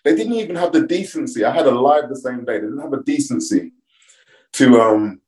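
A middle-aged man, a guest on a podcast, telling his story in a measured, reflective way with frequent pauses. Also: mid-range voice, lively intonation, a little mellow, rough recording. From London, England. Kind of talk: casual interview conversation.

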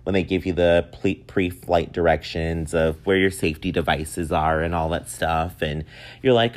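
A man in his thirties with a deep voice, speaking at normal speed, hosts a casual solo podcast. He rambles in an easygoing way and laughs often throughout the monologue.

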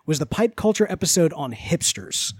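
A man co-hosting a podcast, joking in quick banter. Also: on the high side, sing-song, husky, no echo, clean studio sound. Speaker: podcast co-host. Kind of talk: casual chat.

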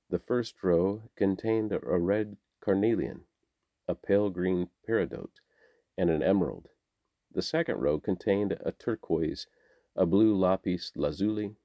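A man reads scripture in a measured, deliberate way. His voice sits very low, with a dark, mellow tone. The sound is dry, with no room around it. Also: no echo. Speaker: scripture reader.

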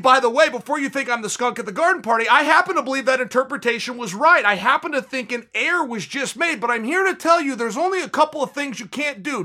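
A man's voice: very high voice, sharp tone. Emphatic, indignant man ranting about sport. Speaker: podcast host. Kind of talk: heated sports commentary.

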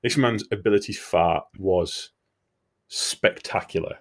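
A man's voice: fairly low pitch, moderate pace. A man telling a crude comic story in casual chat, swearing freely. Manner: animated, swearing, laughing storyteller.

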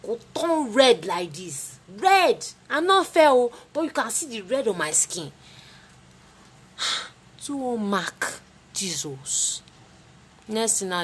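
A young woman with a Nigerian accent telling a personal story in a casual, dramatic way, with sudden leaps in pitch. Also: vocal fry, a little hiss or hum. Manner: lively, dramatic retelling with sudden jumps in pitch.

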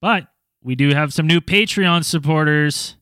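Bright-voiced casual podcast host. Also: male voice, a little high, unhurried, no room sound, studio quality. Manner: laid-back, reads listener reviews and plugs.

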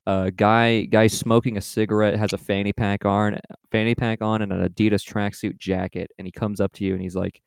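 Low-voiced young man joking around. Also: flat delivery, gravelly, smooth, no echo, clean studio sound. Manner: joking, swears freely, quick asides. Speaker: podcast co-host. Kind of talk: casual chat.

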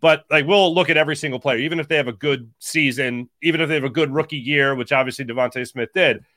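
A man's voice: medium pitch, quick pace, sharp tone, no room sound. A man co-hosting a sports talk show, making his points conversationally with "like" and "uh" fillers.

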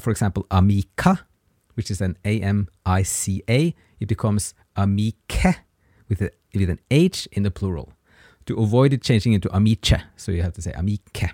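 Male language teacher, patient and encouraging, low voice with a lot of movement. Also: a little mellow, no echo, clean studio sound. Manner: patient, encouraging, pauses for learner answers. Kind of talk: grammar lesson.

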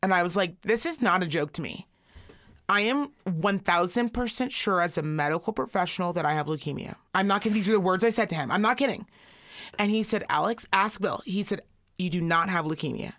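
A woman in her thirties co-hosting a podcast, telling a story in a profane, animated way and acting out the quotes. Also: on the low side, fairly quick. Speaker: podcast co-host. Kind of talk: casual storytelling chat.

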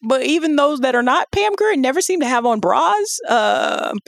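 Animated woman podcast host, dry sound. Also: high voice, normal speed, gravelly, no echo. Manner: animated storytelling with laughs and acted quotes. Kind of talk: casual chat.

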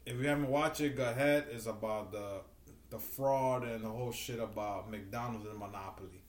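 A man's voice: fairly low pitch, fairly even intonation, moderate pace, echoey room. A man co-hosting a podcast in casual chat, joking crudely and swearing freely. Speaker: podcast co-host.

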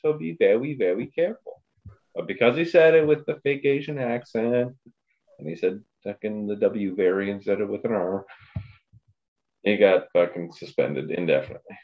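A man's voice: on the low side, normal speed, phone-quality sound. A man in casual sports chat on a podcast, giving blunt, profane opinions. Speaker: podcast co-host.

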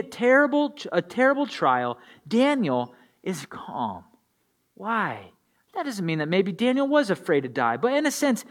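A man preaching a sermon to young listeners, earnest and posing rhetorical questions. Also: high-pitched. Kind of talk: sermon to a youth audience.

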